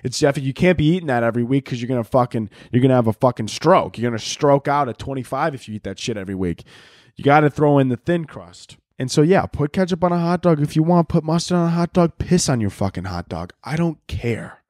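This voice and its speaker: A man's voice: mid-range voice, expressive, quick pace, a little mellow, no room sound, clean studio sound. A man from the Chicago area hosting a casual solo podcast, rambling and swearing with lots of filler words. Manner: profane, rambling, filler-heavy. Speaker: podcast host.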